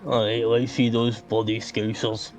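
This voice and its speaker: A man streaming a game with friends, talking slowly with lots of swearing and laughter. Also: lowish voice, level tone, faint music behind. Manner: slow, profane, laughing. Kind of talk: casual gaming stream chat.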